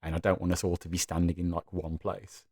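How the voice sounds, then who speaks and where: A man's voice: low-pitched, level tone, brisk, dark tone, husky, no echo, studio quality. A man playing a tabletop game on a podcast, describing his moves in a laid-back way with many fillers. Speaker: player. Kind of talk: tabletop role-play chat.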